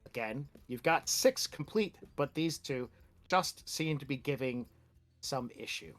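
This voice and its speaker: A man's voice: medium pitch, lively intonation, measured pace. Man game master, casual narration. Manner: loose, filler-heavy narration.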